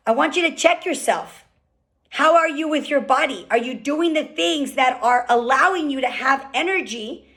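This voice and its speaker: Woman, high voice, motivational team call, fast and fired up, keeps asking okay?. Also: lively intonation, a bit bright. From California. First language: Spanish. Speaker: team leader speaking on a group call. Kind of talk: motivational business talk. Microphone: call microphone.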